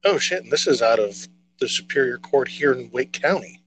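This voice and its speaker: A man's voice: medium pitch, expressive, brisk, fairly bright tone, breathy edge, low-quality recording. A man co-hosting a casual podcast chat, rambling and hesitant with many fillers and restarts. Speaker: podcast co-host.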